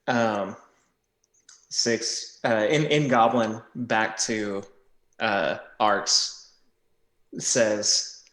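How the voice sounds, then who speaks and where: A man's voice: fairly low pitch, steady tone, extremely slow, pauses often, a bit bright, reverberant. A man playing a tabletop game, hesitantly describing his character's actions with many fillers. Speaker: player.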